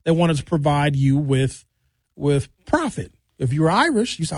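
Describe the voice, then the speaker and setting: A man with a fairly high voice rants in a mocking, opinionated monologue. The sound is dry and close, with no room around it. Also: sing-song, moderate pace, dry recording. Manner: ranting, mocking. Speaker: commentator.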